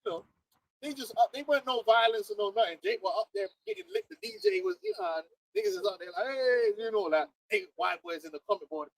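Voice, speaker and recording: Preacher, male, animated chat host; very high, lively pitch. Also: fast talker, gravelly, no room sound, poor audio. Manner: animated, laughing, repeats words. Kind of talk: casual livestream chat.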